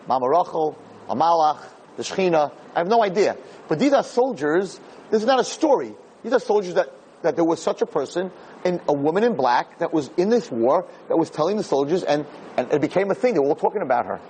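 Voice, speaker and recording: A male rabbi preaching a sermon, telling miracle stories with animated energy, often restarting and speaking directly to his audience. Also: a little fast, slight background noise. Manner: animated, climbing to excited high pitch in stories; frequent restarts and asides to the audience. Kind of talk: storytelling sermon.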